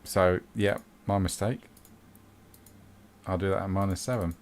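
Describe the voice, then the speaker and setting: A man running a tabletop role-playing game, calmly making rulings and correcting himself. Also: low-pitched, a little slow, creaky. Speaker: game master.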